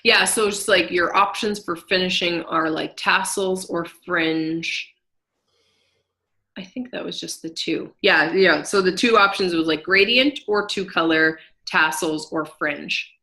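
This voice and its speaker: A woman's voice: lowish voice, unhurried, pushed and bright. A woman co-hosting a podcast, chatting casually and rambling with many fillers. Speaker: podcast co-host. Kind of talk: casual chat about knitting.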